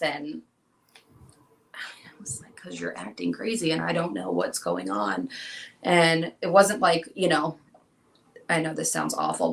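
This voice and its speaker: A young woman with a fairly low, slightly bright voice gives an emotional personal account in an interview, playing out the dialogue she recalls. The audio is poor.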